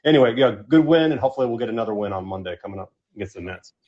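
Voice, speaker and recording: A man's voice: fairly low pitch, lively intonation, rapid-fire. A man calling in to a live podcast room, talking about his team in a loose, rambling way. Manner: loose, rambling fan talk. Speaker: caller. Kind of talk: casual call-in chat. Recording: dull lo-fi call audio.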